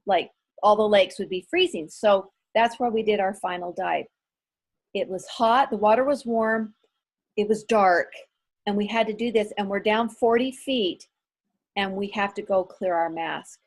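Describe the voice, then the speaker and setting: A middle-aged woman, a guest author, telling stories in an animated, self-deprecating way during a casual interview. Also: medium pitch, unhurried.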